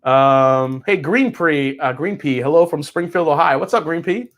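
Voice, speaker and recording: A man's voice: a little high, normal speed. Rambling, swearing whiskey host, man. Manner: rambling, swears freely, reads chat aloud. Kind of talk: casual livestream chat.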